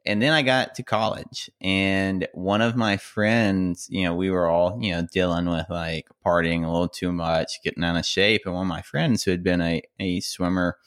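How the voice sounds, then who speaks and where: A man co-hosting a podcast, telling a long, rambling story in casual chat with lots of fillers and shouted quotes. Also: normal speed, hardly any pauses. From rural America. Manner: rambling, animated, acts out quotes in a high yell. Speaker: podcast co-host.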